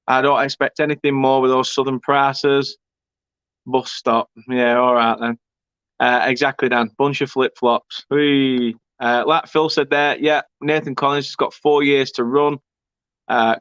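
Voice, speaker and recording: A man's voice: medium pitch, fairly bright tone, clean tone, dry recording. Chatty man, dull dry mic. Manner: chatty, banter-filled, swearing, laughing asides. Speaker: fan channel host. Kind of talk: casual live-stream chat reading comments.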